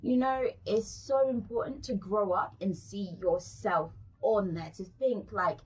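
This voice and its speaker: A woman's voice: mid-range voice, measured pace, husky. A woman from England with a British accent, a guest telling stories in a casual interview with many restarts. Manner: animated storyteller, many restarts. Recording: muffled lo-fi audio.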